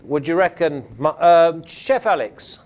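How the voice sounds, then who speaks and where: High-voiced man hosting. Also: lively intonation, a little mellow. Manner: brisk, reads out odds, asks others. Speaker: host. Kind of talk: casual panel chat.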